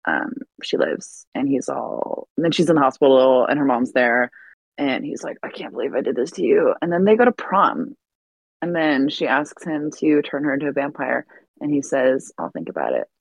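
A woman's voice: extremely low pitch, expressive, normal speed, gravelly, no echo, rough recording. A woman co-hosting a podcast, recapping a plot with enthusiasm and frequent laughs. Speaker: podcast co-host. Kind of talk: casual podcast chat.

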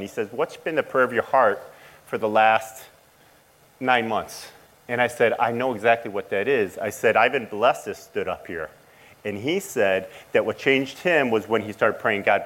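A middle-aged man sharing an emotional personal testimony as a father, speaking haltingly with frequent restarts. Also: mid-range voice, low-quality recording. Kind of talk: personal testimony to a church audience.

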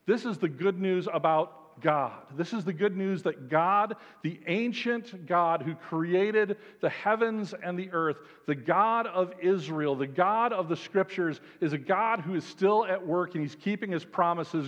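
A man, a pastor, delivering an emphatic, animated sermon with lots of repetition. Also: high voice, measured pace, hardly any pauses. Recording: dull sound, long hall reverb.

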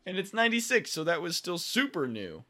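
A man's voice: sits high, sing-song, a little fast, sharp tone, slight background noise. A man co-hosting a podcast, recapping a TV episode in rambling, laughing casual chat and acting out bits of dialogue. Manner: rambling, laughs often, acts out lines.

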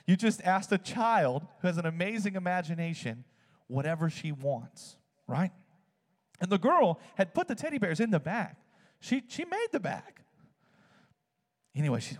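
Animated man preaching in a hall. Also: moderate pace. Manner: animated storytelling, swings high when excited. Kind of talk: sermon.

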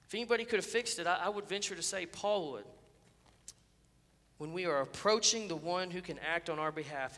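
Preacher guy, high bright voice, fired up, big echoey church. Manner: earnest, passionate, with restarts and emphatic builds. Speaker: pastor. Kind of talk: sermon.

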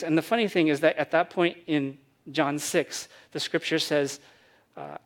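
A man preaching a sermon, animated, acting out quoted voices and swinging between loud emphasis and hushed lines. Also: on the high side, brisk. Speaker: pastor.

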